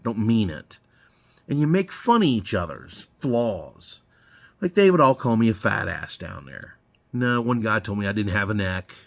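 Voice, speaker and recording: Slow, blunt, low-voiced man. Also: gravelly. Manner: blunt, profane, rambling. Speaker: garage owner. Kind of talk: casual storytelling while working. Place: garage.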